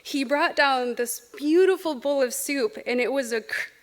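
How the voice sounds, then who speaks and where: A woman in her thirties shares funny personal stories at a memorial. Her voice sits a little high and she talks casually, with laughter breaking in between anecdotes. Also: normal speed. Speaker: eulogy speaker.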